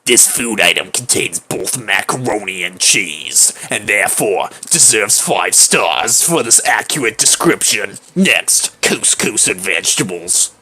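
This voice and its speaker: A man voicing a haughty, imperious young princess with a slow, drawling, lordly delivery, as a game character on a stream. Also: on the low side, animated, bright, forceful tone, slightly rough, soft background music, voice pushed down, full character voice, poor audio.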